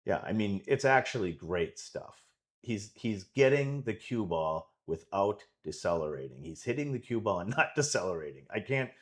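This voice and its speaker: A man coaching and commentating a pool match live from his club, enthusiastic and rambling with many restarts. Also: sits low.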